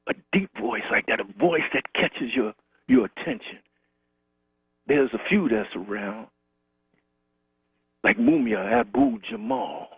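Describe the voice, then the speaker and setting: A man's voice: a little high, gravelly, husky, no echo. A man calling in to a talk show, remembering a friend in rhythmic, repetitive storytelling. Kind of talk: call-in tribute remembrance. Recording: tinny phone line.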